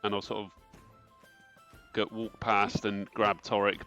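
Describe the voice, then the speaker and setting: A man's voice: lowish voice, little pitch movement, measured pace, bright, forceful tone. A man playing a tabletop game, talking casually and a bit hesitantly. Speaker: player. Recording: dull lo-fi mic. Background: faint music.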